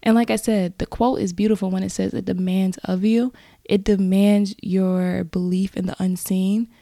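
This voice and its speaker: A woman's voice: mid-range voice, little pitch movement, normal speed, creaky, dark tone, no echo, studio quality. A woman hosting a podcast in a casual, encouraging motivational talk, earnest and prone to rambling asides. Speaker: podcast host.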